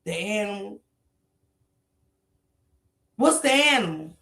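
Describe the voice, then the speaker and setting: A woman's voice: mid-range voice, animated, slow pace, fairly bright tone. A woman in her forties hosting a reaction commentary stream, talking in a blunt, emphatic way and swearing freely. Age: 40s. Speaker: commentary livestream host.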